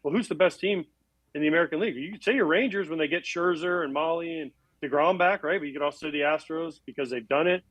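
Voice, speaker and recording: Fast talking guy in his 40s, ex-catcher telling stories, dry mic. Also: on the high side, a bit bright, dry recording, low-quality recording. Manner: fast, chatty, self-deprecating storyteller. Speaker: guest, former baseball catcher. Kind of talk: casual chat.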